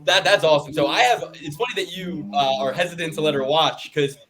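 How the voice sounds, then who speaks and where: Male podcast host, quick and a bit high-voiced, rambling and chatty. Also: a crowd in the background. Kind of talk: casual interview chat.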